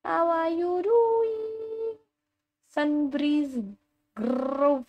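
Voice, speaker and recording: A woman live streaming a game, reacting loudly and chatting with her viewers as she plays. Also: high-pitched, extremely slow. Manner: animated, exclamatory, talks to chat while playing. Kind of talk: live gaming stream chat.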